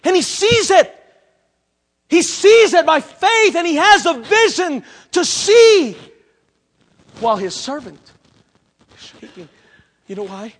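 A man preaching a sermon, swinging between loud outbursts and hushed, intimate asides. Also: very high voice, very animated, slow, long pauses. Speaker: pastor.

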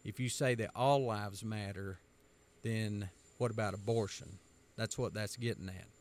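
A man's voice: fairly low pitch, a little slow, a little mellow. A man from the United States giving an emphatic, sermon-style commentary, driving his points home by repetition.

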